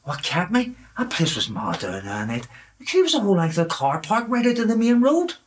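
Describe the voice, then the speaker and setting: A man plays a grumpy middle-aged dad with a Belfast accent, forever grumbling and swearing. His voice swings up and down with animated energy, over a faint hiss of background noise. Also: sits high, fairly quick. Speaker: working-class father. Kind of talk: comedy drama acting.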